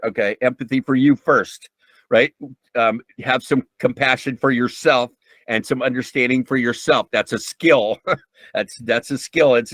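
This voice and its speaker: Male speaker for a mental health talk, mid-pitched, dry close sound, emphatic and repetitive, earnest. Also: a bit bright, no echo, poor audio. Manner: emphatic and repetitive, restarting sentences; earnest, with frequent ums. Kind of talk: informal talk on emotional intelligence.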